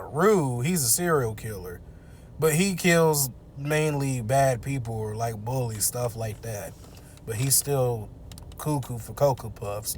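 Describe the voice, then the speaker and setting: A man recaps a movie while sitting in his car, talking in a loose, slangy way. His voice sits at a middling pitch. He chuckles often and drifts off on side remarks. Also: a little hiss or hum. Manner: laid-back, slangy, chuckling.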